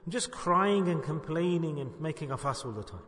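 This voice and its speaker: Male preacher, higher-pitched voice, earnest storytelling sermon, recorded in a reverberant hall. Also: expressive, moderate pace, fairly bright tone. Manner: earnest, storytelling, asks rhetorical questions. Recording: echoey hall with long reverb.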